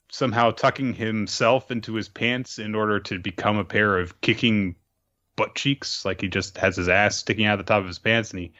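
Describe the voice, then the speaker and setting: A very low-voiced man co-hosting a casual podcast, joking in a deadpan, rambling way full of hesitant "uh"s. His voice is deep but has a sharp, bright edge. The recording sounds dull and lo-fi. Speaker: podcast co-host.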